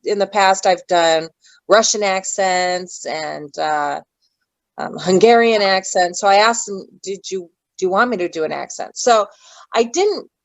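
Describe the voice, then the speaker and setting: A woman's voice: medium pitch, no echo, low-quality recording. A woman being interviewed as an actress, talking in a chatty way that wanders off and loses its thread. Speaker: actress guest. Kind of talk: casual interview chat.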